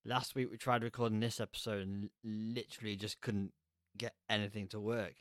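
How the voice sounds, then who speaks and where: A man's voice: on the low side, level tone, brisk, no echo, studio quality. A man co-hosting a horror podcast, chatting in a laid-back, wry way into a podcast mic. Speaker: podcast co-host. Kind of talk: casual chat.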